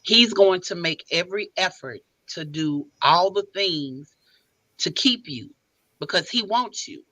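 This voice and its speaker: A woman guest on a podcast, giving emphatic, animated advice in casual chat. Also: fairly low pitch, a little slow, no room sound, poor audio.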